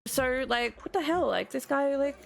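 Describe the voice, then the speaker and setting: A woman's voice: high voice, moderate pace, creaky, slight background noise. A woman streamer in a played clip, ranting indignantly and throwing profane insults. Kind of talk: angry stream rant.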